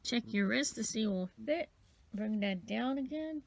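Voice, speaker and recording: A woman's voice: a little high, lively intonation, normal speed, creaky, no echo. A sniffly woman casually rambling through a bead-bracelet craft tutorial, counting beads aloud as she works. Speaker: craft vlogger.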